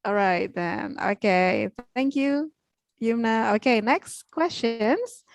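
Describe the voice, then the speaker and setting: A woman teacher hosting a school Q&A, moderating in a brisk, friendly way. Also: on the high side, animated, no echo. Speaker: teacher and host.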